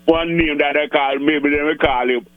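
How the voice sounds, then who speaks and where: Guy on the radio, slightly high voice, halting, repeats himself, dry sound. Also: fairly even intonation, clear, resonant tone, dry recording, narrow, tinny audio. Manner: halting, repeats words, slips into island dialect. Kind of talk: casual radio chat.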